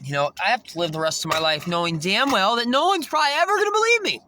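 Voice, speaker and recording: A man's voice: sits high, expressive, fast, sharp tone, slight background noise. A man ranting in a rambling monologue, swearing constantly and laughing often. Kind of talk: rambling profane rant.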